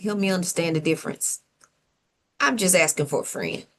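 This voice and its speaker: A woman co-hosting a panel talk show, her voice sitting a touch low. She argues by sarcasm and rhetorical questions, posing as just asking. Now and then she lets out a playful whoop. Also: fairly quick, a bit bright. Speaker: co-host of a civic talk show. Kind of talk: opinionated panel commentary.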